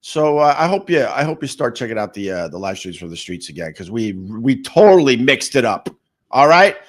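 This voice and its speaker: A man's voice: medium pitch, very animated, normal speed. A middle-aged man hosting a casual livestream, reading viewer comments and rambling with repeated words. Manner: rambling, repeats words, sudden loud jumps. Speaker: radio host and livestreamer.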